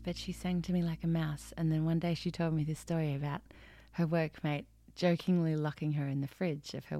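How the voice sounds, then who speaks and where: A woman's voice: lowish voice, vocal fry, dry recording, clean studio sound. Encouraging woman singing teacher. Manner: encouraging, warm instructions with frequent sung demonstrations. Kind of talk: guided vocal lesson.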